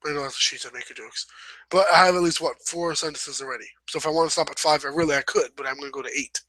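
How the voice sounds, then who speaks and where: A young male host talks fast through a casual writing lesson, rambling, correcting himself and adding apologetic remarks. His voice is fairly high, pushed and bright. The recording is dry and of low quality.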